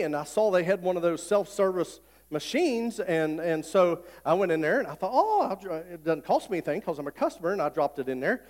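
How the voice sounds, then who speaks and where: A middle-aged male pastor, preaching a folksy sermon that swells into loud, repeated declarations. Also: a little high. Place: church sanctuary. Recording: long hall reverb.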